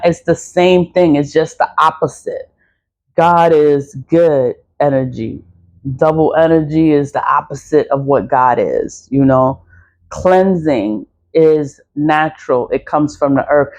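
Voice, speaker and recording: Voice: medium pitch, darkish tone. A speaker in their forties talking casually about spiritual cleansing, with a mid-range voice that sits between typical male and female registers. They sound blunt and preachy, come back to the same points again and again, and swear without holding back. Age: 40s. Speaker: spiritual practitioner selling cleansing products.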